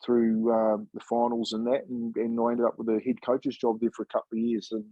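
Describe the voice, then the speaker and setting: Easygoing ex-coach from New Zealand, 50s, husky and dry-miked, chatty storyteller. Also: male voice, mid-range voice, monotone, fairly quick, dark tone, no room sound, highs cut off. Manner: laid-back, chatty, says "mate" often, acts out quoted dialogue. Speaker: former rugby league player and coach, guest. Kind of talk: casual storytelling interview.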